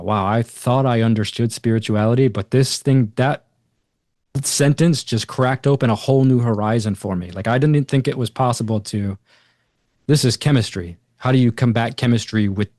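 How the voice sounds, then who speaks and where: A man's voice: mid-range voice, normal speed, dry recording. Chatty man telling a story, dry sound. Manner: animated retelling with quoted voices and many fillers. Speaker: guest. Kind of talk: casual storytelling in conversation.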